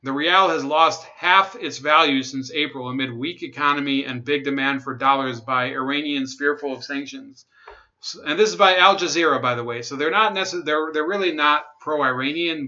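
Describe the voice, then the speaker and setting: A man's voice: mid-range voice, moderate pace, bright, forceful tone, highs cut off. A young man hosting a livestream, reading news articles aloud and breaking off for sarcastic asides and chat comments. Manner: sarcastic, laughs at own jokes, reads chat comments. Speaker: livestream host.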